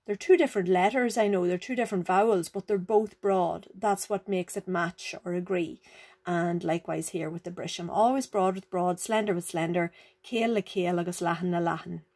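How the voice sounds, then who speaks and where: With a fairly low, darkish voice and a fairly quick pace, a woman teaches an Irish grammar lesson. She is patient, goes over rules again, and confirms the learner is following by asking "right?" and "okay?".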